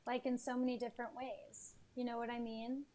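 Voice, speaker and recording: A woman's voice: fairly high pitch, little pitch movement, brisk, darkish tone, a little hiss or hum. A woman speaking as a guest in a casual conversation, chatty and agreeable.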